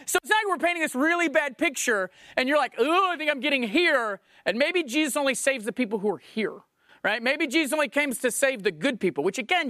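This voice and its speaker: A woman's voice: medium pitch, fairly bright tone, dry recording, clean studio sound. A woman preaching a sermon, emphatic and full of rhetorical questions.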